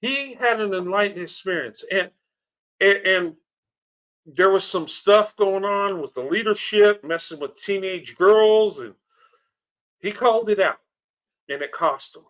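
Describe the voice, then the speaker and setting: A man's voice: high voice, unhurried, fairly bright tone. A man hosting a reaction video, commenting on clips in an earnest, heartfelt way, often laughing and repeating himself. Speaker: channel host reacting to clips.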